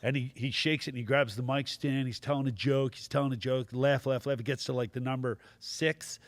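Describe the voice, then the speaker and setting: A male stand-up comedian telling animated anecdotes as a podcast guest. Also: mid-range voice, brisk, no room sound. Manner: animated anecdotes with acted quotes. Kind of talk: storytelling in podcast chat.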